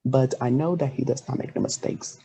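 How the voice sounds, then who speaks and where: A man's voice: medium pitch, steady tone, a little fast, mellow, husky. A man hosting a podcast, chatting with a guest in an earnest, heartfelt way. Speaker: podcast host. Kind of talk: casual interview chat.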